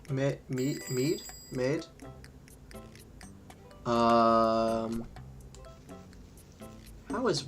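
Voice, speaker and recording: A gaming streamer talking unhurriedly into a desk microphone, drifting from the game to loose stories and laughing along the way. Faint music plays behind the voice. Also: medium pitch. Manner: chatty, rambling, often laughing. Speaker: livestream host. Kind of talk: casual gaming livestream chat.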